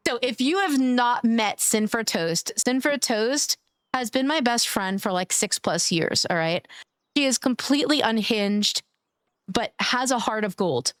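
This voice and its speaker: A woman's voice: a little high, a little slow, a bit bright, dry recording, clean studio sound. Bubbly, affectionate woman streamer. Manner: gushing, affectionate, thanks viewers by name; playful, giggly. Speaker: live streamer. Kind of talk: casual live-stream chat.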